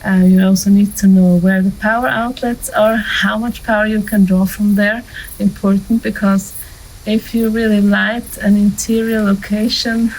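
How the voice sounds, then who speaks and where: A woman's voice: medium pitch, little pitch movement, moderate pace, darkish tone, low-quality recording. Woman giving practical filmmaking advice. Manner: practical and conversational, with light laughs and filler ums. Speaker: filmmaking instructor. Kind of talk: casual instructional talk to camera.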